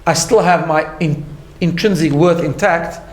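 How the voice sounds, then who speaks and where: A man's voice: a little high, a little slow, echoey room. A man teaching a class, explaining his ideas step by step and often checking in with "right?". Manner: earnest, explains step by step, tags lines with "right?". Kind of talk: recorded class lecture.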